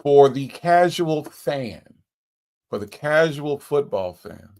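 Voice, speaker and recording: Gravelly-voiced man hosting a casual livestream. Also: on the high side, animated, takes it slowly, a little mellow. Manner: greets viewers by name, folksy and chatty. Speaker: livestream host.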